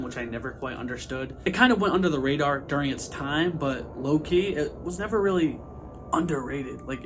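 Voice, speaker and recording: A young man hosting a casual movie review vlog, slangy, energetic and profane. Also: mid-range voice. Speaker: host of a movie review channel.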